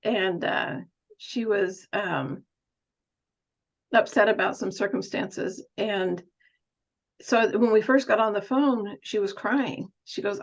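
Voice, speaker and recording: A woman at a middle pitch speaks as a nurse coach, musing thoughtfully through her points and laughing lightly now and then. The sound is dull and lo-fi. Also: slow. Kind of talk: reflective coaching talk.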